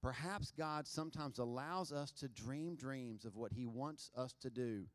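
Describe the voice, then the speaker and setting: A pastor preaching a sermon, moving between loud emphasis and quiet asides. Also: male voice, mid-range voice, a little slow.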